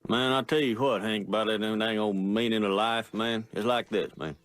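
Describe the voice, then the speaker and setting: A man's voice: lowish voice, a little fast, fairly bright tone, dry recording, studio quality, pitched below the performer's own voice, natural voice. A man imitating a mumbling, slurred, rambling drawl of a cartoon neighbor from Texas.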